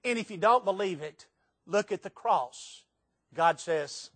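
Older male preacher, high-pitched, emphatic sermon delivery, live church audience. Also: expressive, measured pace, a bit bright. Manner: emphatic, dramatic swings in pitch and volume.

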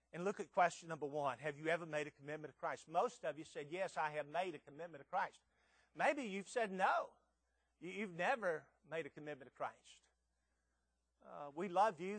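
A man preaching a sermon in an emphatic way, repeating words and asking rhetorical questions, with loud peaks. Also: a little high, no echo.

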